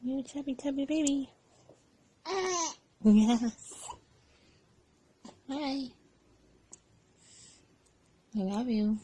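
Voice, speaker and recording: A woman as a mother talking to her baby in gentle, sing-song baby talk at home. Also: high voice, husky.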